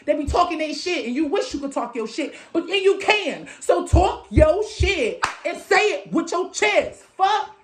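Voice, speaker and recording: A young woman giving a loud, emphatic and profane tarot reading into her phone. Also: sits high. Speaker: tarot reader. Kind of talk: casual motivational tarot reading.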